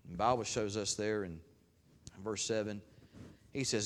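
A man pastor preaching a sermon. He swings from loud, raised peaks to quiet, conversational asides, and acts out God's words in a folksy voice. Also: fairly low pitch, a little slow, pauses often. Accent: regional accent of his own.

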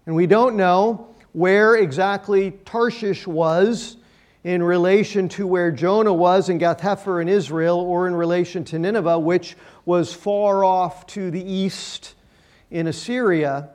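Speaking from the pulpit in an unhurried, steady tone, a high-voiced male pastor delivers an emphatic sermon. His voice swells into loud stretches and then drops to near quiet.

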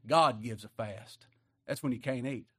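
An older man preaching a sermon, swinging from hushed words to loud emphatic passages. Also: mid-range voice, measured pace, breathy edge, no room sound, studio quality. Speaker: pastor.

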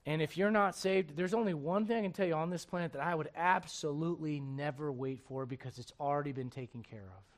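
A man preaching a sermon. He swings between quiet, close asides and loud, emphatic preaching, and keeps asking his listeners rhetorical questions. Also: fairly high pitch, a little fast, few pauses. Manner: asks the congregation rhetorical questions.

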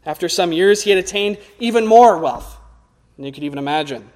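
A young man preaching a sermon earnestly, climbing to loud emphatic peaks and sinking low again. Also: expressive, fairly quick. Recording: long hall reverb.

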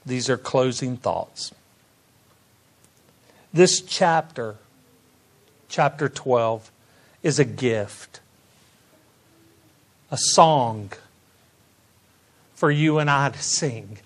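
A man preaching a sermon, moving between quiet, drawn-out asides and loud bursts of praise. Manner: swings from soft, slow asides to loud, high exclamations of praise. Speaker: pastor.

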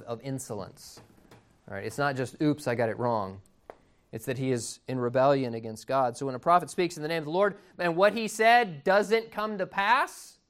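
A man's voice: medium pitch, fairly bright tone. A man preaching a sermon in a conversational, amused storytelling manner.

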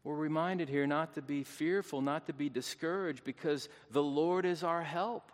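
A man preaching a sermon as pastor, swinging between hushed, tender lines and loud, fervent calls. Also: a little high, moderate pace, hardly any pauses. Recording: long hall reverb.

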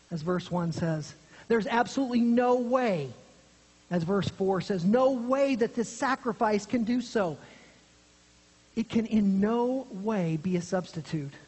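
A preacher giving an earnest expository sermon, dropping low and quiet for emphasis, recorded in a church sanctuary. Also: husky. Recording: long hall reverb.

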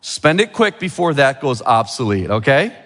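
A man's voice: medium pitch, very animated, normal speed, fairly bright tone, in a large hall. A middle-aged male pastor giving a sermon with a children's object lesson, chatty and full of questions to the room. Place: church sanctuary.

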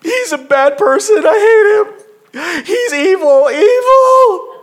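A man's voice: very high voice, expressive, takes it slowly, pitched above the performer's own voice, exaggerated voice. A man voicing a crying young schoolboy who whines and sobs in bitter outbursts. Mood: tearful, angry. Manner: sobbing, whiny outbursts.

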